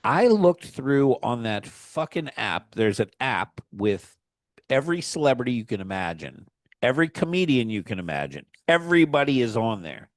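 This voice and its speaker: Rambling, profane podcast host, dry sound. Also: male voice, mid-range voice, big pitch swings, normal speed, dry recording. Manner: rambling, profane storyteller who laughs mid-sentence. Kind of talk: casual chat.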